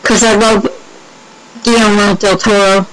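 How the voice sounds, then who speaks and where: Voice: medium pitch, flat delivery, measured pace. An interviewer asking a guest questions and chatting with enthusiasm. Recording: loud background noise.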